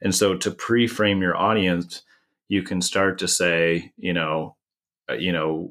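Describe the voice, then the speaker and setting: A man's voice: deep voice, little pitch movement, a little slow, a bit bright. A man from the United States explaining a marketing idea in a conversational podcast, with many restarts. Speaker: marketing consultant.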